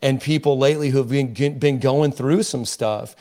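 A man's voice: mid-range voice, steady tone, normal speed, warm tone. A man speaking as a podcast guest, emphatic and preachy, often restarting his sentences as he builds his point. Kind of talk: impassioned podcast discussion.

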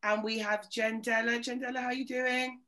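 A woman hosting a podcast in casual chat, playful and animated, joking and putting on voices. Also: on the high side, moderate pace. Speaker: podcast host.

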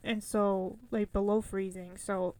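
A young woman co-hosting a casual chat, telling stories with animated acted-out quotes. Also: mid-range voice, unhurried. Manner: animated storyteller, acts out quotes with big jumps. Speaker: podcast co-host.

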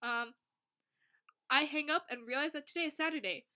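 A young woman co-hosting a podcast, reading a fan fiction aloud with lots of laughter and over-the-top excitement. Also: sits high, normal speed. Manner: animated, laughs often, reads story lines with exaggerated excitement. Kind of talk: casual chat and dramatic reading.

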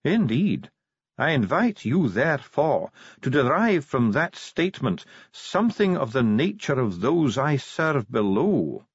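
A man's voice: mid-range voice, sing-song, a little slow, husky, no echo, muffled recording, pitched above the performer's own voice, full character voice. A man voicing a haughty, disdainful male dwarf steward in an audiobook, speaking in a pompous, clipped, condescending way. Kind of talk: audiobook character voice.

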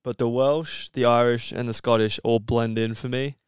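A man co-hosting a podcast, chatting in relaxed, rambling banter. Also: mid-range voice, moderate pace, clear, resonant tone, no echo, studio quality. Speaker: podcast co-host. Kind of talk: casual chat.

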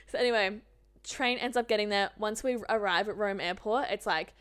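Animated Australian woman telling stories. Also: mid-range voice, fairly quick, clear, resonant tone. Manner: animated storyteller, swears freely, many "like" fillers. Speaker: podcast co-host. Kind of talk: casual chat.

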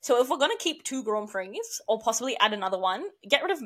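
A woman's voice: a little high, very animated, fast. A woman from Australia co-hosting a podcast in casual chat, gushing and slangy. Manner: gushing and slangy, calls things iconic. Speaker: podcast co-host.

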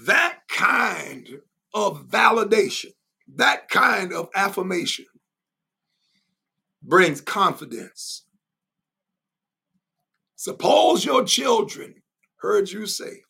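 A man preaching in an emphatic, repetitive way, building his points through repetition. His voice is high and bright, with a gravelly, husky edge. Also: big pitch swings, very slow, long pauses. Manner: emphatic and repetitive, with bursts of laughter. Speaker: preacher and Bible teacher. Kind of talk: sermon-style teaching.

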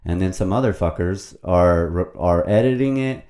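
A male podcast host with a low, dark, mellow voice. He talks in a rambling, playful way, swears freely, and slips into reading his own poems. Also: unhurried. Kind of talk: casual podcast chat and poetry reading. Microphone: podcast microphone at a computer.

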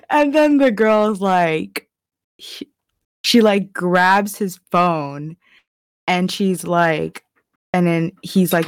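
A woman's voice: mid-range voice, takes it slowly, pauses often, no echo, studio quality. A young woman in casual podcast chat, retelling a story in a rambling way, saying "like" constantly and swearing often. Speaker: podcast co-host.

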